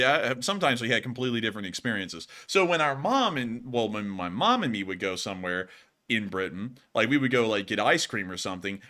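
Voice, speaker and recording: A man's voice: medium pitch, sharp tone. A young man from Alabama with a Southern accent, rambling easily in casual chat as he answers viewer donations on a news show. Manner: easygoing, rambling with restarts. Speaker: co-host of a war news show.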